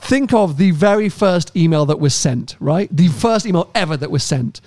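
A man co-hosting a podcast in casual chat, animated and laughing, his pitch jumping around. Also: moderate pace, no room sound, studio quality. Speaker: podcast co-host.

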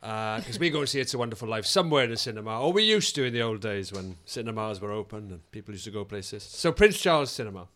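A Welsh man co-hosting a comedy podcast, telling stories in casual chat and jumping into loud, high voices when he acts out other people. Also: fast talker, hardly any pauses. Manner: animated storyteller, loud high bursts acting out people.

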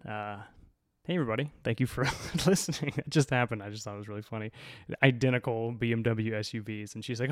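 A podcast host of medium pitch talks fast in a studio-quality recording without echo. His casual storytelling on his own show is wry and meandering, thick with swearing and filler words.

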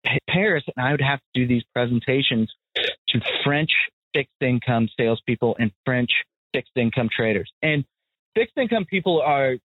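An American man telling stories in a casual chat, animated and blunt, swearing freely. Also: medium pitch, normal speed, breathy edge, no echo. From United States. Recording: tinny phone-like audio, dry.

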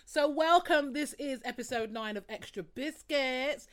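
A woman's voice: sits high, a little slow. A woman hosting a casual podcast chat, teasing her guests and laughing often. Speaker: podcast host.

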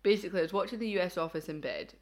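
A woman's voice: fairly low pitch, very fast, darkish tone. A woman co-hosting a podcast, chatting in a rambling way and laughing easily. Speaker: podcast co-host. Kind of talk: casual chat.

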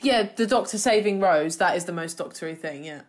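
A woman co-hosting a podcast, chatting in an animated way and often repeating words. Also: lowish voice, a little fast. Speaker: podcast co-host. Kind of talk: casual chat.

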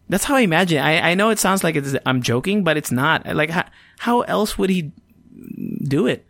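A man hosts a casual solo podcast in a fairly high, lively voice that's a bit bright and creaky, talking fairly quickly over a dry recording. He sounds a little sleepy, rambles, swears freely, and often cuts himself off mid-sentence.

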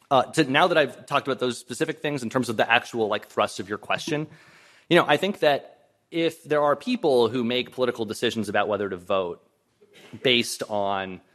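A man with a fairly low, slightly bright voice serves as guest lecturer in a lecture hall. Fielding audience questions during his public lecture, he is reflective and hedging, full of restarts and "um"s, and his voice is momentarily strained.

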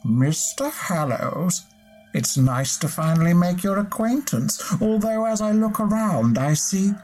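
Sly purring devil done by the storyteller, lively swoopy voice, slow and teasing, soft music under it. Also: medium pitch, pitched above the performer's own voice. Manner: purring, teasing, drops to a whisper. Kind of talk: storytelling podcast narration.

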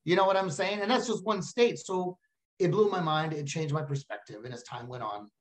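A man with a Texan accent, a comedian chatting casually and telling animated stories as a podcast guest. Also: fairly high pitch, a little fast. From Texas. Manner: animated storyteller, slips into silly voices.

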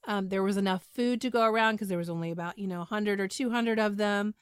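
A woman's voice: medium pitch, quick pace, clear, resonant tone, dry recording, studio quality. A woman podcast host retelling a story in casual, chatty talk with frequent ums and asides.

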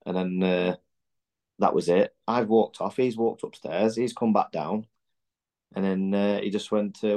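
A middle-aged man with a fairly low voice tells his stories bluntly and candidly, swearing freely. He often stumbles and restarts mid-sentence, like in a relaxed podcast chat. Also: moderate pace. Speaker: podcast guest, former footballer. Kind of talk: casual chat.

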